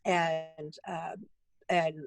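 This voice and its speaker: Frank, exasperated mother with low voice. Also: level tone, very slow, creaky. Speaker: parent. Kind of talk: casual chat.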